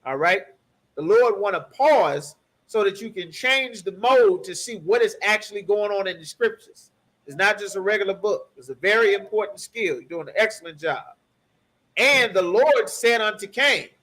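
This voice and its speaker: High, bright-voiced man teaching scripture. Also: animated, moderate pace. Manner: emphatic, repeats phrases, checks in with listeners. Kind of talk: bible study teaching.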